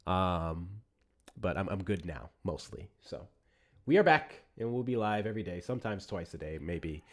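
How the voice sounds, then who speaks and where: A low-voiced man hosting a political livestream chat. His pitch swings widely as he talks, relaxed and loose with frequent laughter and swearing. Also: normal speed. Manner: laid-back, swears, laughs often. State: recovering from illness. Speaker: livestream host. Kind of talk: casual live-stream chat.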